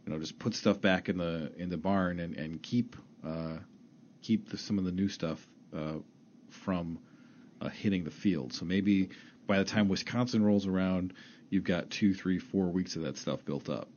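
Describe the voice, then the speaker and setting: A man's voice: low voice, moderate pace, darkish tone, slight background noise. A man breaking down football plays in detail as an analyst on a sports radio talk show, speaking from a studio. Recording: dull lo-fi radio broadcast.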